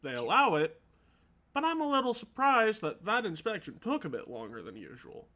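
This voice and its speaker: A man's voice: high-pitched, huge pitch swings, moderate pace, sharp tone, voice pushed up, full character voice. A man voicing a polite, composed woman character in a tabletop game, speaking in a raised voice. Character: composed, chatty woman arriving by ship. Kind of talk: tabletop role-play voice acting.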